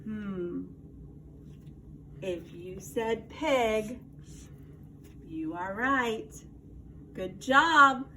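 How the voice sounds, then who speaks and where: A woman teacher giving a slow, encouraging read-aloud lesson to young children, quizzing them and praising answers. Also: mid-range voice, lively intonation, sharp tone. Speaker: first grade teacher. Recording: distant mic, faint background noise.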